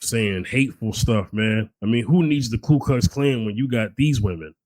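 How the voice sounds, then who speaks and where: Male podcast co-host: casual, halting delivery, dry sound. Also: lowish voice, a little mellow, no echo, poor audio. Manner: conversational, many fillers and restarts. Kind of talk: casual chat.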